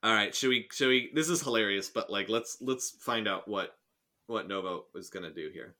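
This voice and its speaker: A man co-hosts a casual podcast chat, reading a story aloud and reacting to it with animated sarcasm, laughing and restarting his sentences. His voice is fairly low and moves at a moderate pace.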